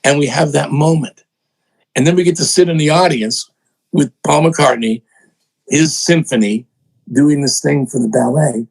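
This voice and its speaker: An older man, a songwriter and producer, telling animated stories in an interview, acting out other people's voices and poking fun at himself. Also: on the high side, normal speed, vocal fry, husky, poor audio. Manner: excitable, acts out voices in quotes, self-mocking.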